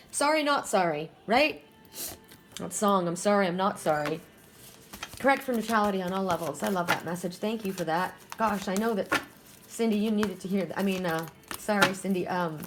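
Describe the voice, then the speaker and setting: An earnest woman reads oracle cards for her viewers in a spiritual, heartfelt way. She circles back on her words, restarting and repeating herself as she goes. Her voice sits at an ordinary middle pitch for a woman. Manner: earnest and emotional, with frequent restarts and repeated phrases. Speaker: oracle card reader. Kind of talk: spiritual card reading to viewers.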